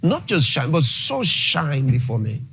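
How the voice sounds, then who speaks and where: A man's voice: fairly high pitch, wildly swooping pitch, a little slow, fairly bright tone, a little hiss or hum. A male pastor preaching a sermon, emphatic, repeating key phrases and dwelling on exclamations.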